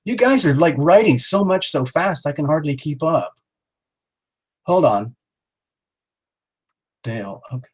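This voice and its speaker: A man's voice: on the high side, expressive, slow, long pauses, slightly rough. A middle-aged man hosting a live tarot stream, rambling and joking as he calls out viewers by name. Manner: jokey, rambling, talks straight to viewers by name.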